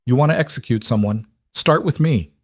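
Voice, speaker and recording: A man's voice: medium pitch, a little fast, no echo, studio quality, voice pushed up, close to an everyday voice. A man voicing a desperate young woman with fire powers, urgent and defiant, in a storybook reading.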